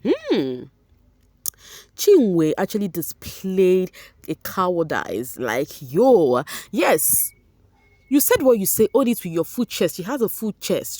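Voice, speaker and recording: A woman with a Nigerian accent, running an animated, chatty gossip commentary with a tired voice and bits of pidgin. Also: on the low side, moderate pace, no room sound. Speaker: vlogger. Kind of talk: reality show gossip commentary.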